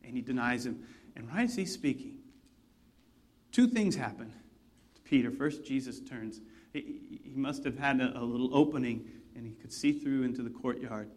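A man's voice: mid-range voice, animated, normal speed, a little mellow. A man preaching a sermon, retelling a story in a conversational way with asides. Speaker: pastor.

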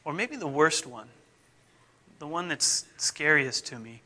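A middle-aged man, a pastor, preaching in a conversational, self-deprecating way whose phrases often fade off softly. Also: a little high, lively intonation, measured pace. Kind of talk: sermon.

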